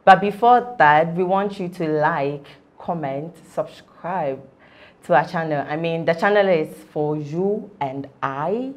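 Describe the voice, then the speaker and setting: A young woman co-hosting a casual entertainment chat, animated and laughing often. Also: sits low, takes it slowly. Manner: laughing, animated, repeats words. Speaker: co-host.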